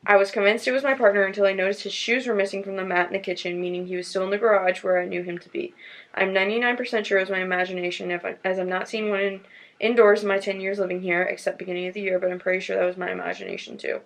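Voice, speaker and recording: Female podcast host, casual and chatty, gravelly fry in the voice, reads stories aloud. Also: mid-range voice, steady tone, very fast, rough recording. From North Carolina.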